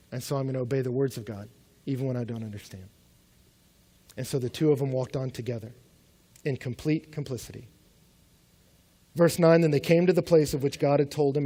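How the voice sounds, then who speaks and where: A man preaching a sermon, telling a story with quoted dialogue and swinging between loud emphatic lines and hushed ones. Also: on the high side. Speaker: pastor.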